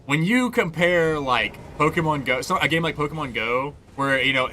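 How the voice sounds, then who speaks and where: Young man, streamer, casual gaming chat, profane, laughs a lot, bright tense voice. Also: a little high, expressive, normal speed, slight background noise. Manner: loose and profane, laughs often, rambling.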